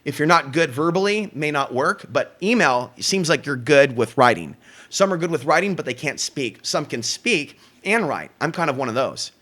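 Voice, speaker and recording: A man's voice: on the high side, expressive, normal speed, fairly bright tone. A man hosting his own talk show, delivering a profane, confrontational solo rant. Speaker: show host.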